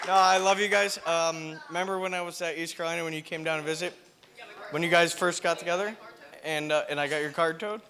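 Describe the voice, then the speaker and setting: A young man with a fairly high voice rambles through an unprepared toast, teasing and laughing as he goes. A loud reception crowd chatters behind him. It is recorded in a wedding reception hall. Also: steady tone, quick pace, background noise. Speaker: groom's brother giving a toast.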